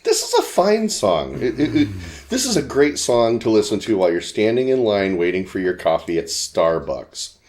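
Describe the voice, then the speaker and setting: A man's voice: lowish voice, big pitch swings, normal speed, darkish tone, a little hiss or hum. A man co-hosting a casual podcast about an album, joking and laughing often. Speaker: podcast co-host. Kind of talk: casual chat about music.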